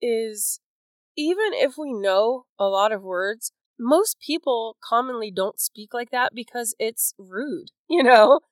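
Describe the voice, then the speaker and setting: A woman's voice: on the high side, expressive, slow pace, no echo. A woman co-hosting a casual book chat, talking in a chatty way full of "like" and "you know". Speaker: podcast co-host.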